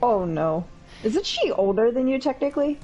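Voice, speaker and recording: Excitable female co-host, very lively pitch, loud reactions, faint music behind her. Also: moderate pace, low-quality recording. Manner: excitable, swears and reacts loudly. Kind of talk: casual chat.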